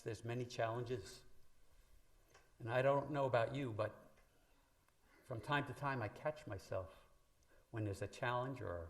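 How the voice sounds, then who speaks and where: A man preaching a sermon in a church, talking conversationally to the congregation and lifting his voice when he quotes scripture. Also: mid-range voice. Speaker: minister. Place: church sanctuary.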